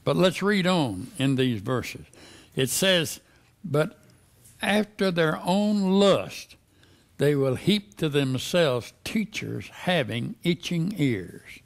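A man's voice: fairly high pitch, big pitch swings, slow pace, gravelly. A man preaching a sermon, reading verses and pressing the listeners with repeated questions. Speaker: pastor.

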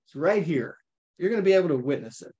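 A man teaching an informal Bible study, talking with his listeners in a lively, playful way and often checking in with them. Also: fairly high pitch, fast talker, lo-fi sound. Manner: conversational, checks in with frequent "okay?".

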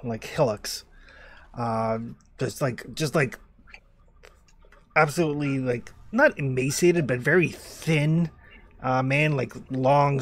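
A man's voice: mid-range voice, creaky. A man narrating as game master, rambling with many fillers.

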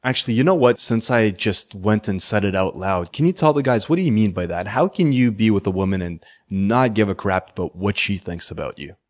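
A man's voice: on the low side, a little fast, hardly any pauses. A man hosting a podcast interview, asking thoughtful questions. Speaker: podcast host.

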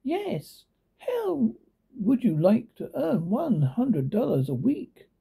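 A scheming rich woman with a clipped, coolly commanding way of speaking, as a man puts her on in a storybook reading. Her tone is dark and husky, and her pitch swings a lot. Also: wildly swooping pitch, slow pace, exaggerated voice. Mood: coaxing.

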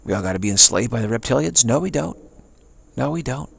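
A man's voice: medium pitch, expressive, quick pace. An American man talking in a rambling monologue, emphatic and repetitive, with many restarts. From United States. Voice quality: gravelly, husky. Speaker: speaker sharing personal views.

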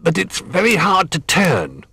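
A man voicing a kindly old toy bear in a storybook reading, with a gentle manner. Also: high voice, huge pitch swings, measured pace, breathy edge, no echo, pitched above the performer's own voice, exaggerated voice.

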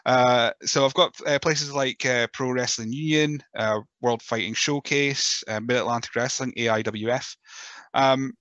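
A man's voice: mid-range voice, steady tone, unhurried, fairly bright tone, dry recording, lo-fi sound. Chatty Scottish man hosting a podcast. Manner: chatty and jokey, laughs often, mimics people. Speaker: podcast host. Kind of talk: casual interview chat.

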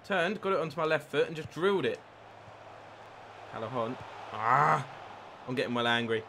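A man live-streaming a football video game, commentating his own play, reacting loudly to chances and thanking new followers. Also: medium pitch, moderate pace, a little hiss or hum. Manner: excitable, swears at the game, reads out followers. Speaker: gaming streamer. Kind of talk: live gameplay commentary with chat.

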